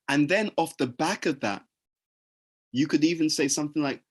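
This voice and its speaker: A man's voice: fairly high pitch, normal speed, pauses often. A man giving a conversational talk on leadership, often restarting his sentences and acting out example conversations. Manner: acts out example dialogues, frequent restarts. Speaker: leadership teacher.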